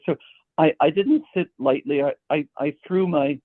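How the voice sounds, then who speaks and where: A man's voice: fairly high pitch, normal speed, no room sound. A man, a guest composer, telling long anecdotes, often stammering and repeating words as he starts sentences. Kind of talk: anecdotal storytelling. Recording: tinny phone-like line.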